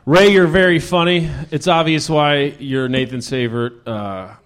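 Guy hosting a comedy show on stage, plays it straight and keeps chuckling, slightly high voice. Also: fairly even intonation, unhurried. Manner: chuckling, playing the straight man. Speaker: host interviewing the guest.

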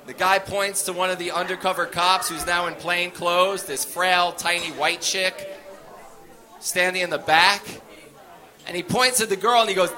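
A man's voice: high-pitched, moderate pace, some chatter behind. A man telling a stand-up story on stage, acting out the voices of the people in it. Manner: animated, acts out voices in his story. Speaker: stand-up comedian.

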